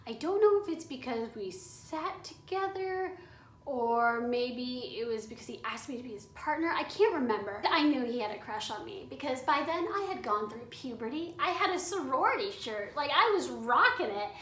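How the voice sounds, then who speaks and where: A woman's voice: high voice, expressive, normal speed, fairly bright tone. A woman in her twenties telling a candid storytime vlog, chatty and full of "like.". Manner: chatty, candid, heavy use of "like". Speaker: vlogger. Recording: echoey room, away from mic.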